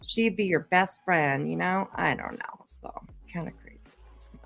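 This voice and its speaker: A woman's voice: fairly low pitch, measured pace, gravelly, fairly bright tone, faint music behind. A woman hosting a livestream, reacting to clips in casual commentary, blunt and profane and laughing often. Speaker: livestream host.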